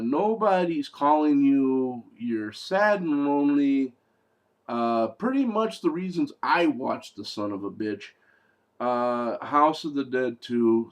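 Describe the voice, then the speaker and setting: A man giving a casual spoken movie review, sarcastic and exasperated, rambling with fillers and restarts. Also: mid-range voice.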